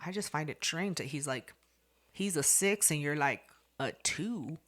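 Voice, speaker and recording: Young woman podcast host, bright tone, animated and profane storyteller. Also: sits low, unhurried. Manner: animated, profane, acts out quotes loudly. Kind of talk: casual storytelling chat.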